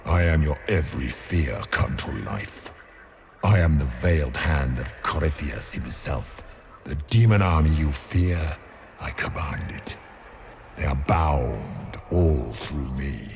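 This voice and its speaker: An actor playing a menacing male demon villain who boasts slowly in a game, heard under faint noise. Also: very deep voice, darkish tone, full character voice. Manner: slow, boastful villain monologue.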